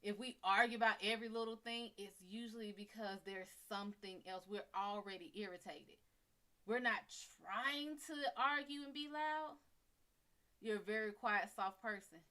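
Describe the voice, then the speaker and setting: A woman psychic reader giving blunt, animated relationship advice on a live stream, acting out dialogue as she talks. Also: medium pitch, moderate pace.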